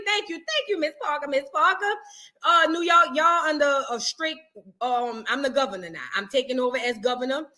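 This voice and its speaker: A woman hosting a live reaction stream, joking and animated in heavy slang. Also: high-pitched, brisk. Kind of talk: casual live-stream commentary.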